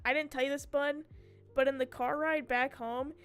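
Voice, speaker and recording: A young woman streamer telling a story in casual chat, animated and swearing freely. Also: high voice, moderate pace, faint music behind. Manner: chatty and animated, swears freely, mimics her cat's screams.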